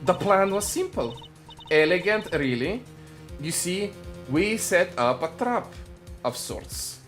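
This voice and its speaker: A man voicing a scheming female card dealer in a put-on Russian accent, in a slow, sly, boastful delivery for a fan voice-over of a game. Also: high-pitched, lively intonation, a bit bright, faint music behind, exaggerated voice.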